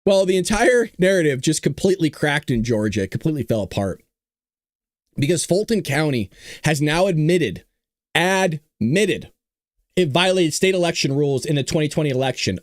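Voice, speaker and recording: A man's voice: on the high side, big pitch swings, fairly quick, no echo, studio quality. Sarcastic man hosting a news commentary show. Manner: sarcastic, laughs often. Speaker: host.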